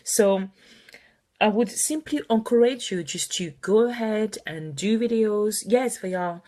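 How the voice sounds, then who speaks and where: A woman's voice: medium pitch, a little slow, dark tone. A woman with a French accent, a native French speaker, gives an earnest, encouraging motivational talk on a live video as an online marketing coach, chatting and laughing now and then.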